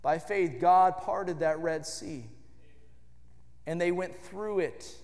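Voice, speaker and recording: A man preaching a sermon in a church, with an emphatic cadence that swells into shouts. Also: sits high, slow pace. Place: church sanctuary. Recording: long reverb of a church hall.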